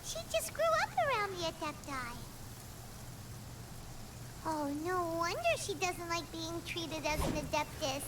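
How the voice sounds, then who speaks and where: Casting: a tiny, very high, bouncy fairy girl, game audio, far off under loud noise. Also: animated, unhurried, pauses often. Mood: curious. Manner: talks about herself in third person. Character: small chirpy female fairy companion.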